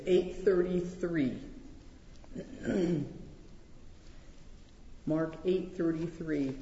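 An animated Bible teacher leads a study, acting out quoted lines and restarting sentences as thoughts arrive. The mid-range voice is mellow and soft-toned, while the sound is dull and carries a long hall reverb.

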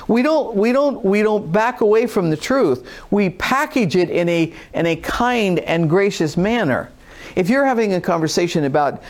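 A man teaching a conversational Bible lesson, informal and emphatic, repeating points for stress. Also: high voice. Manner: acts out a whiny skeptic voice at times.

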